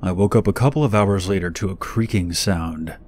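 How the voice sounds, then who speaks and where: A man narrating a true scary story in a calm, measured, scripted reading. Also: sits low, a little hiss or hum.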